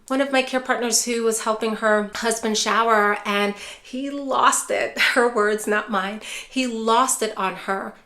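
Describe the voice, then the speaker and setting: A woman who teaches dementia care, speaking straight to viewers and often calling them care partners. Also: on the high side. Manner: calm, repeatedly addresses viewers as care partners. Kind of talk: direct-to-camera teaching.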